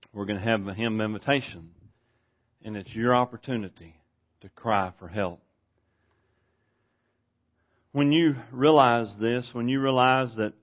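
A man preaching a sermon, swinging from hushed, slow scripture reading up to loud, shouted preaching. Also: mid-range voice. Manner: reads scripture slowly and deliberately. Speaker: pastor. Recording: dull lo-fi sound.

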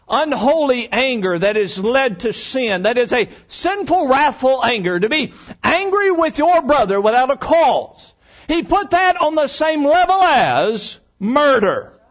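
A man preaching a sermon, folksy and emphatic, swinging between loud and hushed. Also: very high-pitched, big pitch swings, unhurried, dull audio.

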